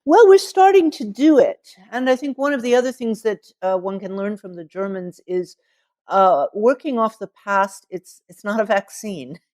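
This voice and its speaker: A woman author speaks as an interview guest, explaining her ideas in a measured, thoughtful way. Her voice sits in a mid range. The recording is dry and close. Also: medium pitch, lively intonation, a little mellow, no room sound. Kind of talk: interview conversation.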